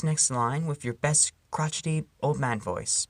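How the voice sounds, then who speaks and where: A channel host reading comic poems aloud in a playful, animated way, with sudden loud and whispered turns. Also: mid-range voice, unhurried, hardly any pauses, no echo, studio quality.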